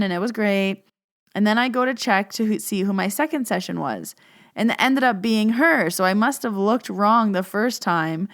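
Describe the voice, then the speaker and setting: A young woman, a podcast host and medium, casually telling a story in a chatty way, filling her talk with "like". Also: mid-range voice. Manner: chatty, says "like" constantly, animated retelling.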